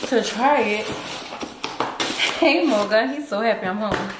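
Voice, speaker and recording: A woman's voice: a little high, measured pace, reverberant, very noisy. Chatty woman vlogging to her viewers. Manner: chatty, laughs often, addresses viewers as y'all. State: out of breath. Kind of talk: casual vlog chat. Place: inside a car.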